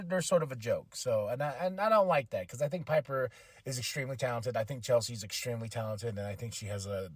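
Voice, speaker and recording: Excitable man recapping wrestling, dry close mic. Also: medium pitch, dry recording. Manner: animated, acts out quotes in changing voices, laughs often. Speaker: podcast host. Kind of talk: casual wrestling show recap.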